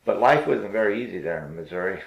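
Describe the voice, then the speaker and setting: An older man telling his life story in a rambling, halting way, with many fillers and restarts. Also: sits low, expressive, vocal fry, reverberant, lo-fi sound. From Pennsylvania.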